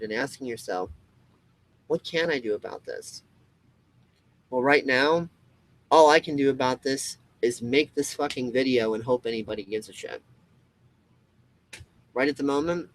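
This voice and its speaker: A man's voice: medium pitch, rough recording. A man hosting his own web show, delivering an impassioned, profane rant straight to his viewers with emphatic repetition and frequent restarts. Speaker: comedy web show host. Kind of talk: impassioned solo rant to camera.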